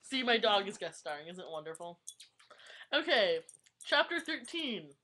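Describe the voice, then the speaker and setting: With a mid-range, pushed and bright voice that swings widely in pitch, a young woman reads aloud at normal speed in a casual webcam vlog. She giggles constantly, laughter interrupting her reading again and again.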